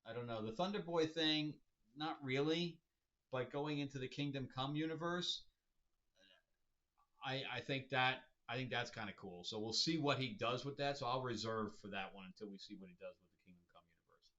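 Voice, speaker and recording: A man's voice: mid-range voice, moderate pace, pushed and bright. A man hosting a casual comic review, rambling and amused, with chuckling asides. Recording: dull lo-fi recording.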